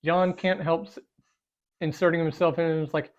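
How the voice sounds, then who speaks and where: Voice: medium pitch, flat delivery, normal speed. A co-host of a casual group Bible study who talks animatedly, acts out the quotes, and fills speech with "like.". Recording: slightly dull lo-fi sound.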